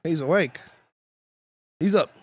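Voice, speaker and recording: A man co-hosting a podcast, reacting excitedly to a film as it plays in a commentary track and laughing often. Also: fairly high pitch, takes it slowly. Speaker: podcast co-host.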